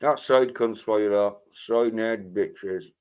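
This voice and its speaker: A man's voice: fairly low pitch, slow pace, darkish tone, clear, resonant tone. A man hosting a livestream, ranting angrily and swearing constantly in a rambling way. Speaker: livestream host. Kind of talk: profane livestream rant.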